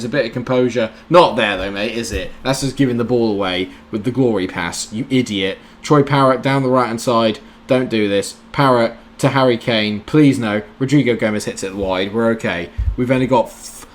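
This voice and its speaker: A man doing let's-play commentary on a football management game, talking to the players on screen and cheering loudly at big moments. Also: medium pitch. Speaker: gaming YouTuber.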